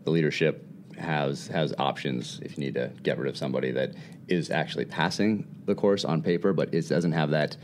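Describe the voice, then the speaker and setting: A man with an exceptionally deep, low voice talks quickly and candidly as a podcast guest. He stumbles and restarts often and laughs easily. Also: slight background noise. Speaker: guest, former special operations instructor. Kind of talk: casual podcast conversation.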